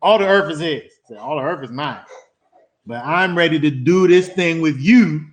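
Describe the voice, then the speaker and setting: A man's voice: a little high, normal speed. A man teaching a Bible study to a small group, talking conversationally and repeating words as he builds emphasis.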